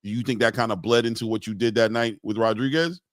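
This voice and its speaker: A man with a lowish voice, recorded dry and close, hosting an interview. He asks long, meandering questions padded with casual fillers, and he often backs up his guest with short murmurs of agreement. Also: steady tone, quick pace, dry recording. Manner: rambling questions with many fillers. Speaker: interview host.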